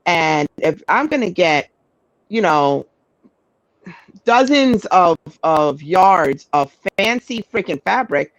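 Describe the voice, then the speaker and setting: Woman, 30s, podcast co-host. Animated, profane storyteller, dry close mic. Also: fairly low pitch, no room sound, poor audio. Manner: animated, profane, frequent restarts. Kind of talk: casual storytelling chat.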